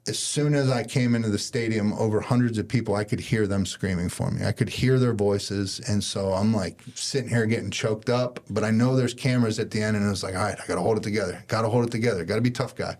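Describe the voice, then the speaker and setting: A man's voice: on the low side, a little mellow. A man, a podcast guest, telling a personal story in casual conversation and acting out his own thoughts.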